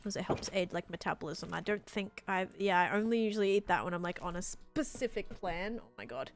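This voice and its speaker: A woman's voice: on the low side, a little fast, faint music behind. A young woman streamer chatting casually and rambling with lots of fillers. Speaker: game streamer. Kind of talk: casual live-stream chat.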